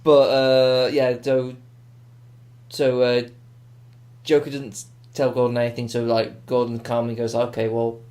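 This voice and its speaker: A man's voice: mid-range voice, flat delivery, a little slow, pauses often, darkish tone. A man co-hosting a podcast, reviewing a film in casual, rambling chat full of fillers and restarts. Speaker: podcast co-host.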